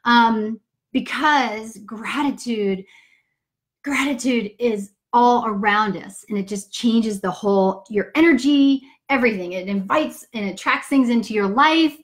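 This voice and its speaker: A woman's voice: on the high side, a little slow. A woman, casually answering viewer questions on a live stream from her home office, upbeat and chatty with some swearing. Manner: upbeat, chatty, greets viewers mid-sentence; casual swearing and folksy "y'all". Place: home office with pets nearby. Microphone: computer or phone for a live stream.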